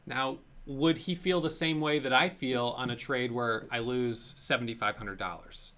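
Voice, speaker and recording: A man's voice: mid-range voice, normal speed, sharp tone. A man hosting his own trading show, talking candidly and a bit self-critically, with frequent fillers as he tells stories from his own trading. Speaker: host of a day-trading show. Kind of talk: casual solo talk to camera.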